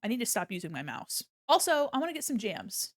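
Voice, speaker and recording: A young woman chats on a live art stream while drawing, talking into a desk mic on a mic arm at home; she's playful and rambling, drifting into hums and silly sounds. Her voice is fairly high, with big pitch swings and fast delivery, and the recording is dry and studio quality.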